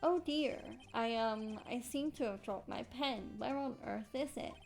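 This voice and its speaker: A woman's voice: fairly high pitch, a little slow, vocal fry, faint music behind. A woman doing a flustered old judge. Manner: dithering, formal. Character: flustered older male judge, timid.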